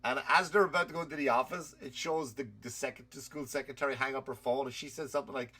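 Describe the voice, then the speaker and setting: A man's voice: medium pitch, steady tone, quick pace, hardly any pauses, sharp tone, breathy edge. Profane man ranting, with a cold. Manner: rambling, profane, laughing at his own stories. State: has a cold. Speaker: comedian and podcast host. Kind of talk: comedic rant.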